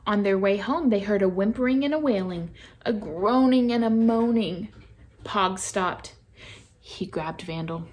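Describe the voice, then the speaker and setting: Woman storyteller for a church kids' show, expressive picture-book read-aloud. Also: medium pitch, measured pace. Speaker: children's ministry reader.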